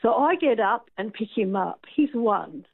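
A woman's voice: on the high side, lively intonation, measured pace, creaky, breathy edge, no echo. A woman calling in to a radio show, telling a story in a chatty, hesitant way. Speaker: caller. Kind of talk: telling an anecdote on a radio call-in. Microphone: telephone. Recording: tinny phone line.

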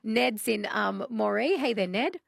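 A woman's voice: on the high side, lively intonation, a little slow, gravelly, slightly rough, dry recording, clean studio sound. An Australian woman hosting a call-in radio show, chatting in a friendly way and laughing often with callers. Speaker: radio host. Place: radio studio. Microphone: studio mic.

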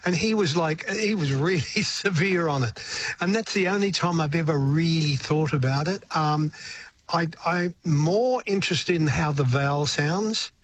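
Older Australian man, rambling, slightly high. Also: measured pace, a little hiss or hum. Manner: rambling, reflective, stumbles and repeats words. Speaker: retired singer-songwriter, guest. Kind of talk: radio interview.

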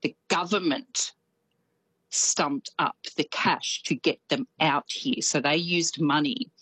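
A woman's voice: low voice, slow, breathy edge, dry recording, rough recording. A woman from Australia with a slight New Zealand lilt, chatting as a radio correspondent. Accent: Australian with some New Zealand. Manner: chatty, animated, laughs easily.

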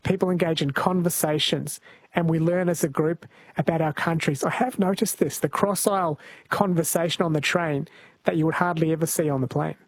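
A man from Australia hosts a talk radio show and takes calls in a brisk, conversational manner. His voice sits fairly high with a husky edge, and the studio sound is dry. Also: steady tone, no room sound. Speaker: radio host.

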